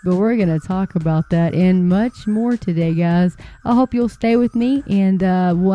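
A woman hosting a casual commentary show, talking in an indignant, sarcastic way and mocking others with sudden high jumps in pitch. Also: muffled recording.

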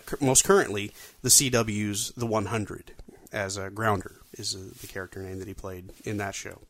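A man's voice: medium pitch, a bit bright, no room sound. A man hosting a podcast, talking casually with frequent fillers and restarts. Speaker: podcast host.

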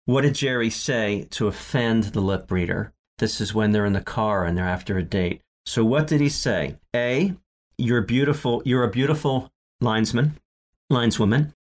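A man's voice: fairly low pitch, normal speed. A man co-hosting a casual chat, recapping a sitcom episode with many fillers, restarts and laughs. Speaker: podcast co-host.

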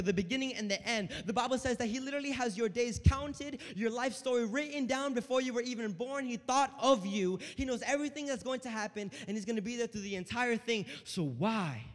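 A high-pitched man preaching a sermon in a church, with a long reverb trailing his words. He preaches with animation, dropping to a hush and then rising loud. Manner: animated preaching, swinging between hushed and loud.

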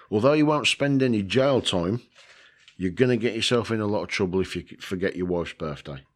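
A man's voice: on the low side, normal speed, long pauses. A man hosting a casual video, rambling through a list with lots of ums, joking about himself and swearing now and then. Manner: rambling, self-mocking, with frequent ums and swearing. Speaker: video host.

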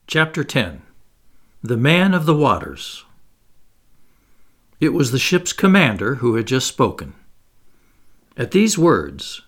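A man narrating a classic novel in a measured, expressive reading style. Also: mid-range voice. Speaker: audiobook narrator. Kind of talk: scripted narration.

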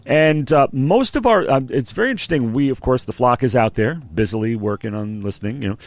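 A man's voice: mid-range voice, animated, a little fast, no echo. A man co-hosting a music podcast in a casual, joking, meandering way with lots of fillers. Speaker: podcast co-host. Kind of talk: casual chat.

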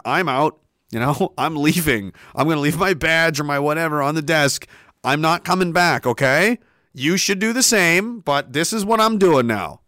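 A man's voice: a little high, bright, forceful tone, no echo. Heated man ranting, dry sound. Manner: heated, profane, repetitive. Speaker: livestream host. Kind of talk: ranting livestream commentary.

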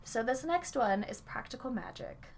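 A woman co-hosting a podcast in casual chat, talking with emphatic, animated energy. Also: fairly high pitch, normal speed, creaky, a little hiss or hum. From Southern United States. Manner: animated, talks with her hands, emphatic. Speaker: podcast co-host. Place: library.

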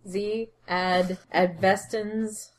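A woman playing a tabletop game, speaking softly and casually. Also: mid-range voice, steady tone, drawn-out words, a little hiss or hum. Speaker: player.

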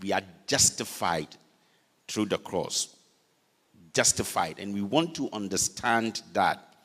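An older man with a Ghanaian accent preaching a sermon, swinging from loud peaks down to low, quiet phrase endings. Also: expressive. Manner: preaching slowly with dramatic pitch swings, switching between English and Fante. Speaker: pastor. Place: church hall. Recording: long reverb of a church hall.

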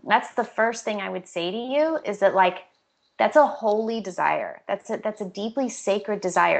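The public speaking trainer has a medium-pitched, creaky voice. As a guest in a casual podcast interview, she's warm-hearted and sincere, leaning heavily on "like" and "you know."

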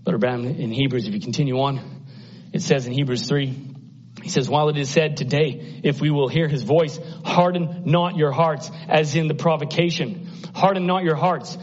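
Male preacher, husky voice, sermon, urgent then hushed, dull lo-fi recording. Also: on the high side, steady tone, moderate pace. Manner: swings from loud urgent exhortation to hushed near-whisper. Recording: muffled lo-fi sound.

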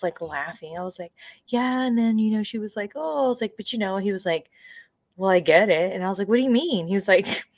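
Woman co-host, mid-pitch, rambling casual storyteller who laughs a lot. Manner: chatty storyteller, laughs and coughs often. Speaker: podcast co-host. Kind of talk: casual chat.

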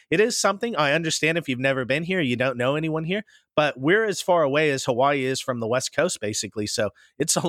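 A man's voice: medium pitch, fairly bright tone, no echo, clean studio sound. A man from New Zealand with a New Zealand accent, telling stories as an interview guest in a rambling, anecdotal way. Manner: rambling, anecdotal, with many restarts. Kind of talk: casual interview chat.

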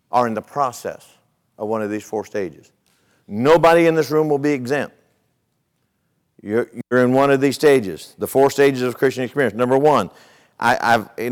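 A man preaching from the pulpit at a middle pitch, spinning out a story in an easygoing, folksy manner. He checks in with his listeners through rhetorical questions as he leads into his teaching. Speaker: pastor. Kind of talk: sermon.

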